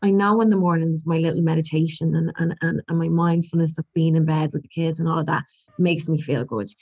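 A woman's voice: deep voice, steady tone, brisk, darkish tone, breathy edge. A woman in her forties, a podcast guest, talking in an earnest, reflective way with frequent restarts. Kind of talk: candid conversational interview.

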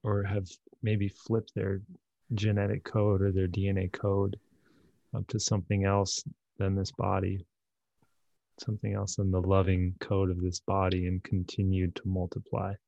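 A man hosting a podcast conversation, talking haltingly with many repeats and fillers. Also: low voice, completely flat delivery, vocal fry, dark tone, no echo, lo-fi sound. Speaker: podcast host. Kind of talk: conversational interview.

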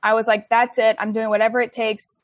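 Speaking briskly in a fairly high voice that barely moves in pitch, a young interview guest recounts her story with plenty of likes, ums, and laughs between phrases. Her manner is casual and chatty, and there's no room sound.

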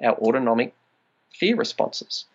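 A man's voice: medium pitch, lively intonation, unhurried, creaky, slightly rough, lo-fi sound. A man, a trauma release practitioner, explaining body practices in a conversational podcast interview and acting out quoted inner voices.

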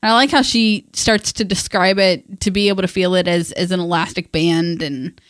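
A woman co-hosting a casual book-discussion podcast, retelling scenes in halting, chatty talk full of fillers and restarts. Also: fairly low pitch, fairly even intonation, a bit bright, dry recording, clean studio sound. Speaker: podcast co-host and parent.

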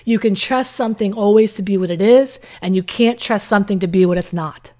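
A woman's voice: mid-range voice, a little fast, a little mellow. A woman in recovery giving blunt, conversational advice straight to camera about trusting addicts, often acting out the people she quotes. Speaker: recovery coach. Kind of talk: direct-to-camera advice talk.

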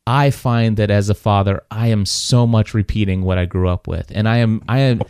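A young man, a podcast host and father, speaking earnestly and haltingly, often repeating words as he starts. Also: on the low side, steady tone, a little mellow, clean tone, dry recording, clean studio sound. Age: young adult. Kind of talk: casual interview talk.

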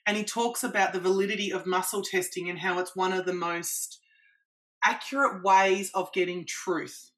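This is a woman practitioner interviewed as a guest, and she lays out her methods animatedly, using examples. She talks at a normal speed in a mid-range voice.

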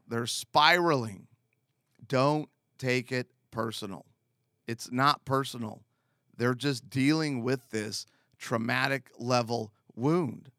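A man speaking as a marriage counselor, giving calm, earnest and direct advice with repeated emphatic phrases. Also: medium pitch, no echo, clean studio sound. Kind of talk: advice talk to camera.

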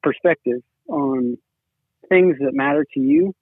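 Fairly high-pitched and a little slow, with a breathy edge, a man speaks as a sibling-in-law guest in casual conversation, rambling and leaning on "you know." The recording is dry and comes through a tinny, phone-like line.

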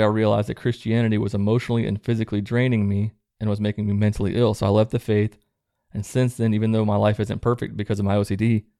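A man with a low, gravelly voice reads viewer letters aloud in a steady, even tone. Between letters he adds relaxed, low-key comments. The sound is close and dry, with no room echo. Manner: low-key, plain reading, relaxed asides. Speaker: host reading viewer stories.

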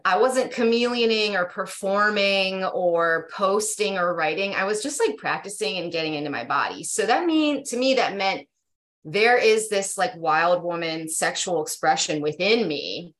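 A woman guest on a podcast, candidly telling a personal story in a lively, casual way. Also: medium pitch, normal speed. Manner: animated, candid, many "like" fillers. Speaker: podcast guest, yoga teacher.

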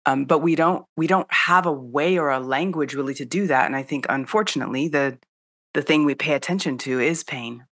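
An interview host muses aloud, pausing and restarting as they search for the right words. Their voice sits at a middling pitch. The sound is dry and close. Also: fairly bright tone, no echo. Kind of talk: casual interview conversation.

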